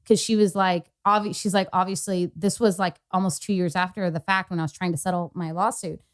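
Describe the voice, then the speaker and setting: A woman's voice: lowish voice, level tone, brisk. A woman co-hosting a podcast, telling a personal story in casual chat and retelling past conversations with lots of fillers. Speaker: podcast co-host.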